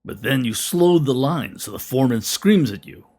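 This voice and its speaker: A man voicing an older male cannery worker in a storybook reading, plain and explaining, with a medium pitch. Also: expressive, moderate pace, darkish tone. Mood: matter-of-fact.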